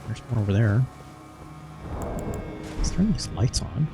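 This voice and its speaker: A man's voice: fairly low pitch, very animated, a little slow, vocal fry, music in the background. A male streamer in casual gameplay commentary. He chats while he plays and mutters mild curses when things go wrong.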